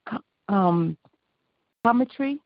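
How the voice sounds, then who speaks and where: A woman's voice: mid-range voice, animated, slow pace, dry recording. A woman from Illinois performs freestyle spoken word poetry down a muffled phone line. Her delivery is rhythmic, emphatic and brash, with plenty of cussing. The sound is dry, with no room around it. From Illinois, USA. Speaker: caller and spoken word poet. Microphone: phone call-in.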